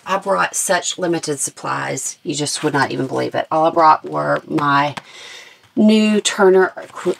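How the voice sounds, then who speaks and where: A middle-aged woman artist chatting casually in a vlog, rambling and thinking out loud, her voice scratchy and tired, partly recorded outdoors at a lakeside campground. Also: low-pitched, gravelly. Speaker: artist vlogger.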